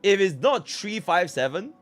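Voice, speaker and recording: A young man from Singapore streaming live, chatting casually with his viewers and swinging between low mumbles and excited shouts. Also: unhurried, faint music behind. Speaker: livestreamer.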